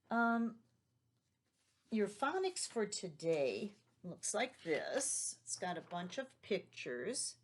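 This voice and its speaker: A woman gives a remote lesson to young children, her voice sitting a little low for a woman. She is patient and steady, walking the class through each step and closing points with friendly tag questions. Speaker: teacher.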